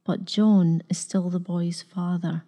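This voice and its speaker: A kindly elderly village vicar, played by a woman storyteller, counselling with soft, quiet care. The voice drops slightly below the narration and stays hushed. It has a warm, mellow tone. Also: on the low side, steady tone, takes it slowly. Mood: gentle. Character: gentle, kindly old male village vicar.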